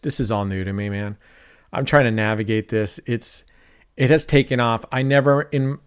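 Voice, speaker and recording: A man's voice: mid-range voice, clear, resonant tone. A middle-aged man streaming online roulette, talking casually and at length while he plays. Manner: talkative, rambling, self-described mellow.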